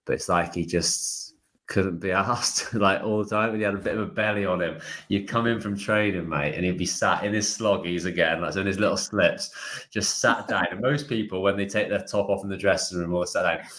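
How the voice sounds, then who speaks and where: Very low-voiced British man chatting. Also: fairly quick. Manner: relaxed storytelling, says "mate" often. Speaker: podcast co-host, ex-footballer. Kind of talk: casual chat.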